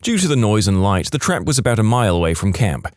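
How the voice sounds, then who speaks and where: A man narrating submitted stories in a lively storytelling manner, with dramatic pauses. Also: fairly low pitch, no room sound, clean studio sound. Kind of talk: scripted narration of reader stories.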